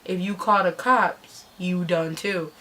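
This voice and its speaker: A woman voicing an unbothered, careless man who talks in a soft, lazy drawl. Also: lowish voice, steady tone, slow pace, recorded from a distance, pitched below the performer's own voice. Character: laid-back, careless male driver.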